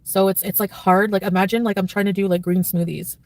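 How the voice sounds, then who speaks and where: A woman's voice: mid-range voice, flat delivery, fairly quick, no room sound, recorded from a distance. A woman livestreamer chatting casually and reading her chat, rambling with constant filler words and turning blunt and profane. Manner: blunt and profane when annoyed.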